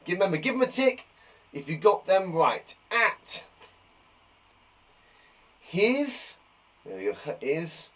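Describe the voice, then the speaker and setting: Man, primary teacher, spelling lesson, encouraging, playful, very expressive pitch. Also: slow, long pauses. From England. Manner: animated, jokey, encouraging. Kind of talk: online spelling lesson for young children.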